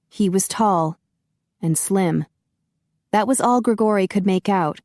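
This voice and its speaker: A woman narrating a paranormal romance audiobook in a steady, even storytelling manner. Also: mid-range voice, no echo, studio quality. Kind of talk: scripted narration.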